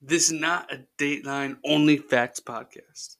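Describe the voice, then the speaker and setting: A man hosts a sports history podcast, narrating stories in a joking, goofy, lively way as casual podcast talk. His voice sits on the high side, with vocal fry, and he speaks a little slowly.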